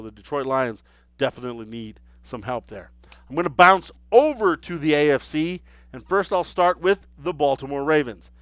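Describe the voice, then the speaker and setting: Man for a solo football talk segment, incredulous and mocking, smooth voice in a dry studio. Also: mid-range voice, no echo. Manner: animated, incredulous, mocking asides. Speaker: sports commentator. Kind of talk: solo football preview commentary.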